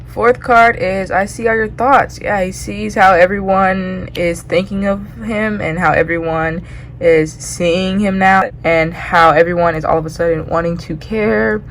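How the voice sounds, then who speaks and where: A woman's voice: lowish voice, steady tone, measured pace, slight background noise, poor audio. A woman giving a casual tarot reading, talking loosely with lots of "like" and frequent laughs. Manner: chatty, loose, heavy use of "like", laughs often. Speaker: tarot reader.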